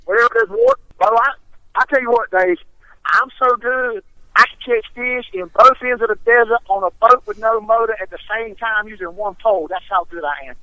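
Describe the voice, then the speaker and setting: Male phone guest, high and bright, teasing drawl, dry close sound. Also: moderate pace, no echo, dull audio. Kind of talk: joking phone chat. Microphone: phone line.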